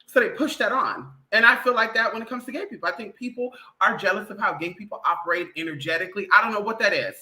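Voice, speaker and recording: A woman, openly trans, talking straight to camera in a blunt, profane, animated monologue, mimicking the people she talks about. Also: medium pitch, fast talker, few pauses, echoey room, low-quality recording. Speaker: vlogger. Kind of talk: casual opinionated monologue.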